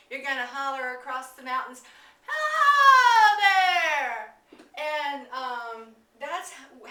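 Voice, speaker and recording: A woman's voice: sits high, pushed and bright. A woman giving an informal lesson on word origins, chatty, with many fillers and restarts. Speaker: teacher. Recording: echoey room, mic at a distance.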